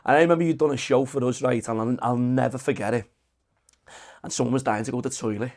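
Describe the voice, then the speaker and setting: A man's voice: mid-range voice, steady tone, quick pace, a little mellow. A male podcast host, chatting casually, rambling and swearing as he laughs along. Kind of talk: casual chat.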